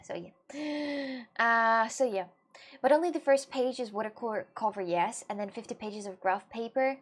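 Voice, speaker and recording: A woman's voice: a little high, normal speed. Giggly woman chatting with viewers. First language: Russian. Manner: giggly and scattered, with frequent laughs and restarts. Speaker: livestreamer. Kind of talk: casual chat with live viewers.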